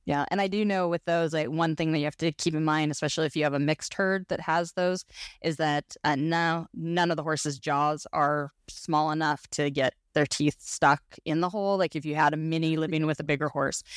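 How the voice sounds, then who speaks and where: A woman's voice: low-pitched, no echo, studio quality. A woman co-hosting a casual podcast, talking about her own horses in a chatty way, laughing often and restarting her sentences. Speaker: podcast co-host, horse owner.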